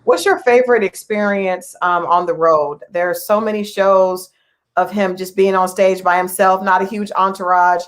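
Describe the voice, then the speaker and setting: A woman's voice: mid-range voice, fairly even intonation, moderate pace. Female interview host, thoughtful and affirming, middle-range voice. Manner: thoughtful, restarts her questions, many affirming fillers. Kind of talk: candid interview conversation.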